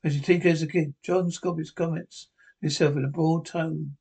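A man narrating a podcast retelling of a TV episode, reading haltingly and often restarting phrases. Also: on the high side, level tone, vocal fry, a little mellow, breathy edge, rough recording.

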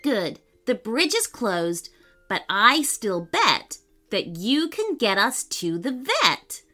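A woman voicing an eager, excitable little girl in a storybook reading. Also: medium pitch, slow, heavily acted. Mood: excited.

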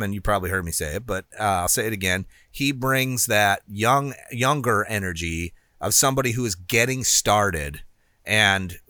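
A man's voice: fairly low pitch, sharp tone, no room sound, studio quality. A man co-hosting a podcast, talking earnestly in casual chat. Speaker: podcast co-host.

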